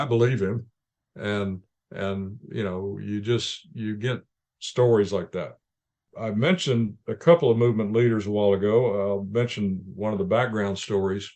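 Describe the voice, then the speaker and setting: A man with a fairly low voice tells stories in an interview. He speaks calmly and in measured anecdotes, often restarting his sentences as he goes. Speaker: ministry leader guest. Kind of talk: interview storytelling.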